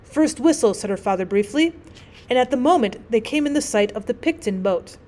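A woman teacher narrating a classic short story as an audiobook, with clear, measured storytelling. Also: on the high side, expressive. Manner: clear, measured storytelling with gentle voices for characters.

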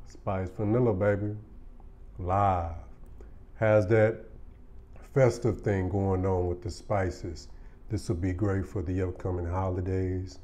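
A man's voice: low-pitched, steady tone, takes it slowly, warm tone. A man casually reviewing fragrances in a laid-back, slangy and enthusiastic way. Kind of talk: casual product review chat.

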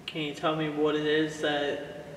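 A calm, measured man on a ghost-hunting vlog, talking to an unseen spirit and counting down slowly in a fairly high voice. He is caught from a little way off in an echoey empty office at night, and the reverb hangs after each line. A faint hiss sits underneath. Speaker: paranormal investigator. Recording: echoey room, mic some distance off, faint noise.

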